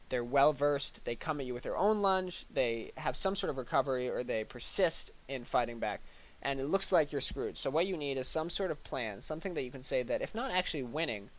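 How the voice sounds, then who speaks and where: Low-quality audio captures a medium-pitched young man parodying a lecture with a straight face; he halts often, leans on fillers, and slips in little acted-out asides with mock seriousness.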